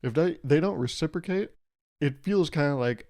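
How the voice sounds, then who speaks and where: A man's voice: a little high, normal speed, long pauses, a little mellow. A man hosting a solo podcast, talking casually and playfully, acting out imagined conversations. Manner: playful, rambling, acts out imagined dialogues. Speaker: podcast host. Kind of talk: casual comedic monologue.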